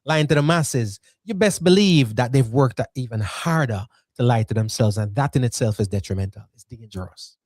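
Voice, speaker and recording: A man's voice: mid-range voice, normal speed, few pauses, dry recording. Guy hosting a podcast, chatty and playful, dry close mic. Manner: animated, slips into playful asides. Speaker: podcast host. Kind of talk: conversational interview.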